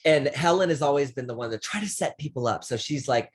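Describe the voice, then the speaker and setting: A man hosting a casual film chat, animated, acting out characters' lines and laughing often. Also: mid-range voice, fast, a little hiss or hum. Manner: frequent fillers and restarts, laughs often. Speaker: podcast host.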